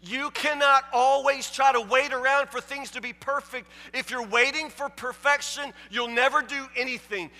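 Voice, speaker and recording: A man's voice: steady tone, normal speed, hardly any pauses, big-room sound. A man preaching a sermon, emphatic and stammering, often asking if the listeners understand. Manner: emphatic, repeats "you understand?"; stammering restarts, drops low and soft for the story.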